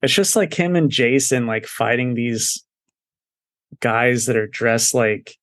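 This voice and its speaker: A man's voice: mid-range voice, slow, a bit bright, dry recording. A man co-hosting a podcast, talking casually about comics in a laid-back way, swearing and laughing often. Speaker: podcast co-host. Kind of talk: casual comic review chat.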